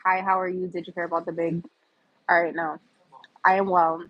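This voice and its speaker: A woman's voice: fairly low pitch, flat delivery, moderate pace, no room sound, muffled recording. A woman in her fifties from the US East Coast, chatting candidly with viewers on a livestream and reading their comments aloud. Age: 50s. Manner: chatty, candid, laughs often. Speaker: livestream host. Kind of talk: casual live chat reading comments.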